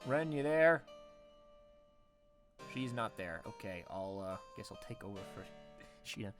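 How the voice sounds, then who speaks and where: Excitable swearing gaming host. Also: male voice, fairly low pitch, a little slow, faint music behind. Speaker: let's play host. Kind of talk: casual game commentary.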